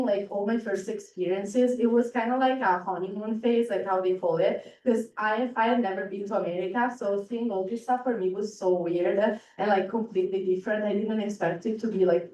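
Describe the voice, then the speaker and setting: A woman's voice: mid-range voice, steady tone, moderate pace, mellow. Teen girl presenting in a roomy hall. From Italy. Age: teens. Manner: chatty, lots of "like" and "um". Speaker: exchange student. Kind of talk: informal presentation to a club. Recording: roomy hall sound, distant mic.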